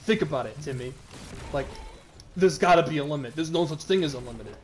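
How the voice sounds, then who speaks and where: A man's voice: on the high side, lively intonation, brisk, a crowd in the background, natural voice. A man playing an unhinged, obsessive middle-aged dad who makes intense threats.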